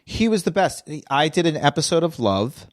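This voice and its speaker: A man's voice: fairly high pitch, very animated, normal speed, no echo. Male comedian guest, wry self-deprecating storyteller, dry close sound. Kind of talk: casual chat.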